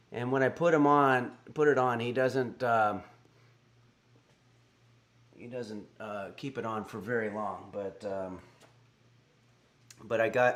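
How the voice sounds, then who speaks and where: A middle-aged man hosts a cooking livestream at an unhurried crawl. His delivery is dry and deadpan, and he stops and restarts his sentences with plenty of ums and uhs. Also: mid-range voice. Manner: deadpan, halting with fillers. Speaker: cooking stream host. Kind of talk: casual livestream chat.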